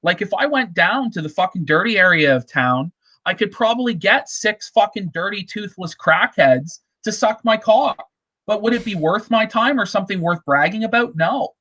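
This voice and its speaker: A man's voice: high voice, lively intonation, moderate pace, bright, forceful tone. A man ranting crudely and indignantly in casual chat, full of profanity. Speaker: stream panelist.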